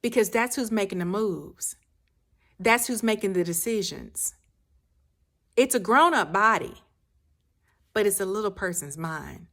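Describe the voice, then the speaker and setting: A woman life coach giving a motivational speech, repeating her phrases for emphasis and often dropping to a soft, low near-whisper. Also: expressive, a little slow, pauses often.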